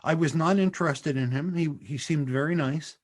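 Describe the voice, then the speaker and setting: A man hosting a comedy podcast, chatting casually and telling stories in an animated, joking way. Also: fairly high pitch, normal speed. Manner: animated, jokey storyteller. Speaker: podcast host.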